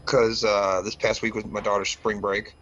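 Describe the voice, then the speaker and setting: A man in his thirties co-hosting a casual podcast, swearing a lot and acting out quotes in a higher voice as he tells stories. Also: little pitch movement, normal speed, fairly bright tone. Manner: profane, storytelling, acts out quotes in a higher voice. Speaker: podcast co-host. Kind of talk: casual chat. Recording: dull lo-fi sound with faint noise.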